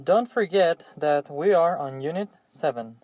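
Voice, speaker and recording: In a recording with no echo, a young man from Mexico teaches English vocabulary to students in an unhurried, slightly mellow, fairly high voice. Each word gets patiently repeated three times as part of the classroom drill.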